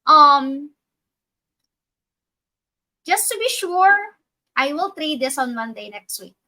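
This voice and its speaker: A woman guides viewers through a trading chart in a high, bright voice. She talks slowly and methodically, thinking aloud and correcting herself as she goes. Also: lively intonation, rough recording. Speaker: trading educator. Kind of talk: live trading walkthrough.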